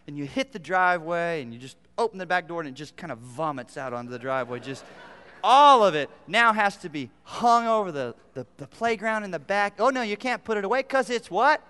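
Bright, high-voiced preacher in a hall. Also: male voice, expressive, fairly quick, clear, resonant tone. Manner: humorous storytelling, swinging from loud to hushed. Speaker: pastor. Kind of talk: sermon.

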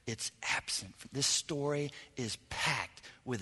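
A male pastor preaching a sermon, swinging dramatically from loud, lively lines to hushed ones. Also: fairly high pitch, moderate pace, big-room sound. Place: church hall.

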